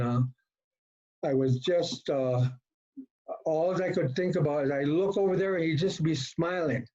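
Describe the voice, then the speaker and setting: Middle-aged man, halting folksy storytelling. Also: a little high, a little mellow. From Colorado. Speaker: recovery meeting speaker. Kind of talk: personal recovery story. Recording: dull lo-fi talk recording.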